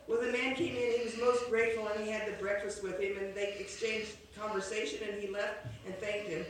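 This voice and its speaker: A woman telling a classic story aloud, unhurried and homespun, sometimes restarting a phrase. Her voice carries through a very echoey room from a mic set well back. A faint ambience hums underneath. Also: mid-range voice, flat delivery, far from the mic, a little hiss or hum. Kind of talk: oral storytelling of a classic tale.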